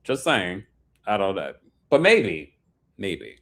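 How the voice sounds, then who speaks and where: A man's voice: low voice, sing-song, slow, fairly bright tone. A man hosting a reality TV recap, chatting playfully with sassy asides and reading out viewer super chats. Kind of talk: casual chat.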